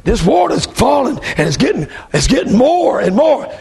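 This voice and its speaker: A man voicing a frightened young boy before the flood, shouting and pleading. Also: very high-pitched, very animated, normal speed, creaky, slightly rough, voice pushed up, full character voice. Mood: frantic.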